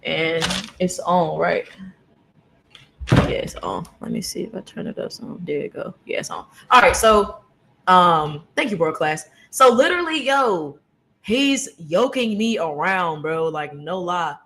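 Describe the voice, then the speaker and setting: Brief: woman streamer, casual slangy storyteller, animated and loud at times, built-in computer mic. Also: on the low side, measured pace, rough recording. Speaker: livestream host. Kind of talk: casual storytelling to a live audience. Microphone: computer's internal mic.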